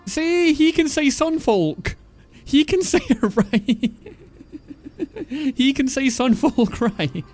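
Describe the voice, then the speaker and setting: A man's voice: extremely high pitch, animated, takes it slowly, pauses often, darkish tone, soft background music. A man streaming a game, making casual commentary, laughing and joking as he reads along. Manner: chuckling, joking, reading aloud. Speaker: gaming streamer. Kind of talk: casual let's-play commentary.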